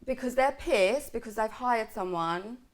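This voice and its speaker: A woman's voice: fairly high pitch, unhurried. A woman, telling a story to friends in a casual vlog chat and acting out the lines of the people in it. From South London. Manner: animated, acts out quoted lines, swears. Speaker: vlogger.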